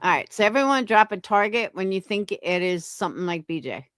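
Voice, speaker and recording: A woman's voice: medium pitch, lively intonation, fairly quick, fairly bright tone, no echo, studio quality. A woman on a livestream panel talking bluntly, swearing and mocking others. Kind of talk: casual livestream chat.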